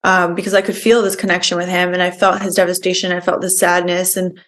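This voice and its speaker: A woman's voice: lowish voice, little pitch movement, quick pace, a bit bright. A young woman guest on a podcast, telling her personal story earnestly, with many fillers like "like" and "you know".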